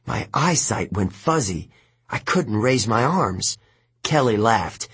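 A man narrating an audiobook in the first person, telling the story in a steady, even way. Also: fairly low pitch, takes it slowly, husky.

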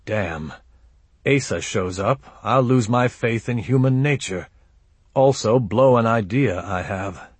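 A man's voice: on the low side, slow, husky, dry recording. A man narrating an audiobook in first person, with a dry, laconic delivery.

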